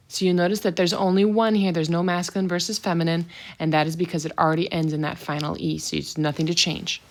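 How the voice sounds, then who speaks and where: A woman's voice: on the low side, fast talker. A woman teaching a French vocabulary lesson, saying each word twice, then explaining it in brief asides.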